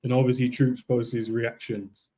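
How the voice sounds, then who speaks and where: Mellow-voiced young man. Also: medium pitch, flat delivery, moderate pace, slight background noise. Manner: laid-back, slangy, laughs easily. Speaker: football podcast co-host. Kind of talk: casual chat.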